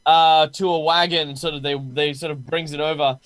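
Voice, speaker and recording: A man's voice: a little high, fairly even intonation, normal speed, fairly bright tone. A man narrating as game master of a tabletop game, talking in a hesitant way with many fillers.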